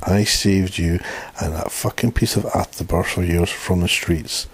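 A man's voice: low voice, fairly even intonation, unhurried, slightly rough. A man voicing a cruel, abusive stepfather who talks with scorn and menace. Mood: contemptuous. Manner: scornful and threatening.

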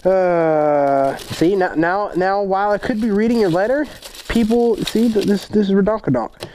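A man's voice: high voice, moderate pace, a little mellow, a little hiss or hum. A man hosting a casual fan-mail vlog, rambling and joking with lots of swearing. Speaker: motovlog host.

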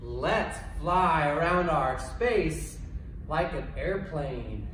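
A kindergarten PE coach leads young children through movement games in an online PE lesson, his voice high, slow, expressive and a bit bright. He talks clearly and encouragingly with playful exclamations. Recorded from far off, his words echo around a large room over a faint hum of room noise.

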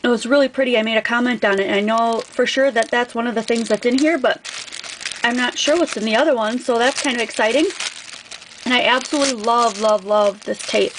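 A woman's voice: fairly high pitch, a little fast, background noise. A woman craft vlogger opening a gift package on camera, gushing over each item in a casual, effusive way. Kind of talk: casual unboxing vlog.

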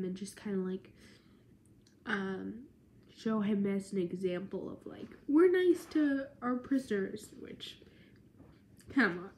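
A woman's voice: mid-range voice, warm tone, a little hiss or hum. A tired young woman giving a casual history explainer as a student presenter, chatty and full of filler words.

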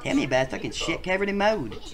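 A performer voicing a crude, rowdy male bachelor contestant, who tells profane stories and bursts into shouts. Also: medium pitch, very animated, quick pace, close to an everyday voice. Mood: rambling. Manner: profane storytelling with sudden shouted outbursts. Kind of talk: comic machinima voice acting.

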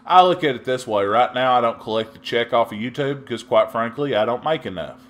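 A middle-aged man from Texas giving casual, rambling commentary over his gameplay, chatty with sudden loud outbursts. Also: mid-range voice, animated, brisk. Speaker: gaming YouTuber.

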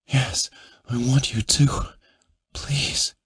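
A man narrating an audiobook, voicing a breathless young woman in a high, airy, gasping voice. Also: steady tone, extremely slow, fairly bright tone, husky, dry recording, clean studio sound, exaggerated voice. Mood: breathless pleading. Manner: gasping, pleading.

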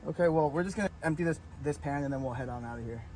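A man making a cooking video, speaking calmly, politely and accommodatingly. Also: on the high side, racing, noisy background.

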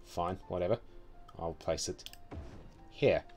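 A low-pitched New Zealand man talks himself through a city-building game in a wry, offhand mutter. Soft music hums faintly underneath, along with the clack of his keyboard. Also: slow pace. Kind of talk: casual gameplay commentary.

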